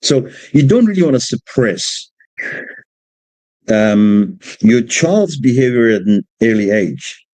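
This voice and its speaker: A man from Australia, a father, speaking informally about raising children, halting and repeating words as he tells stories about his young son. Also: mid-range voice, sing-song, darkish tone, dry recording, poor audio. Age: adult parent of a two-year-old. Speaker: speaker giving a religious exposition on parenting. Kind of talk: informal talk with personal stories.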